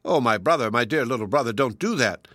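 A man's voice: mid-range voice, animated, quick pace, pushed and bright, dry recording, studio quality. A man voicing an anxious magpie bird that speaks in a trembling, imploring voice. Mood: pleading. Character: anxious pleading mother magpie.

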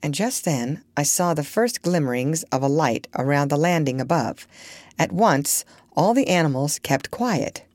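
A woman narrating a storybook with a low-set voice that swoops and lifts expressively. She is recorded close and dry, with no room sound. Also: lively intonation, a little slow, darkish tone, no room sound. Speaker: audiobook narrator.

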